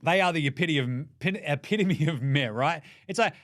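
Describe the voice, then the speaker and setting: An Australian man giving a comedic basketball ranking rant, mocking and full of quick jokey asides. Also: a little high, a bit bright. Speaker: basketball commentator.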